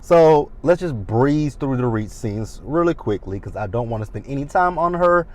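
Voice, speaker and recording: A man's voice: mid-range voice, lively intonation, moderate pace, a little mellow. A man in his thirties recapping a reality show in a chatty, sassy way with dramatic asides. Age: 30s. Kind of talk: casual recap commentary.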